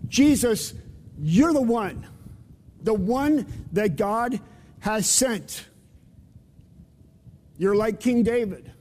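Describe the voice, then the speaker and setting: A man's voice: high voice, lively intonation, very slow, pauses often, darkish tone, in a large hall. A man preaching a sermon to his congregation in a conversational way, putting questions to his listeners. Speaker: pastor. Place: church sanctuary.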